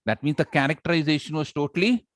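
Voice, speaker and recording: A man with an Indian English accent teaching public speaking in an online class, animated and asking the class for responses often. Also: a little high, fast talker, no room sound. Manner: animated, audience check-ins.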